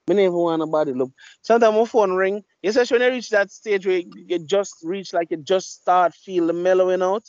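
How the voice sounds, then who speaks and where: A man's voice: sits high, a little fast, no echo. A man hosting a podcast, telling blunt, profane stories in casual chat. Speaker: podcast host. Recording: dull lo-fi mic.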